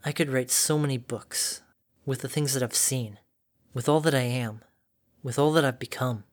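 A man's voice: medium pitch, normal speed, natural voice. A man voicing a weary, battle-scarred mare pony, tired and bitter.

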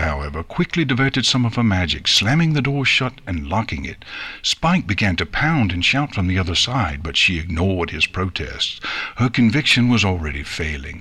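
A man narrating an audiobook with smooth, expressive storytelling. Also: sits low. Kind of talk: audiobook reading.

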